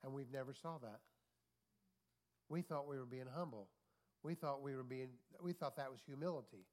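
A man's voice: medium pitch, normal speed, darkish tone. A man, a pastor, preaching a sermon with repeated phrases and call-and-response asides. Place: church.

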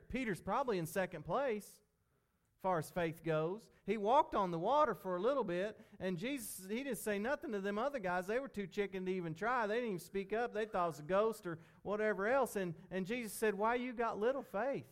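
A man preaching an informal, folksy sermon, talking conversationally and repeating himself. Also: high-pitched.

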